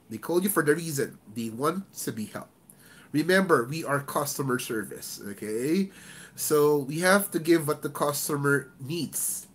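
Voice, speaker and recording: A man's voice: on the high side, fairly bright tone. A man with a Filipino accent coaching call center greetings in a live-streamed lesson, emphatic about stress and intonation, with a stuffy nose from feeling unwell.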